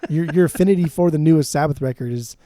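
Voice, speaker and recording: A man with a slightly high, mellow voice co-hosting a casual music podcast. He shoots down opinions with dismissive sarcasm. The sound is dry and close to the mic. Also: fast talker, no room sound. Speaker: podcast co-host. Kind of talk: casual chat about music and records.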